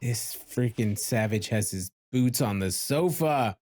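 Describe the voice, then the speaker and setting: Slow, lively joking co-host guy. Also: medium pitch. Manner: joking with Spanish slang. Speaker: movie reaction co-host. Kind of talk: casual chat.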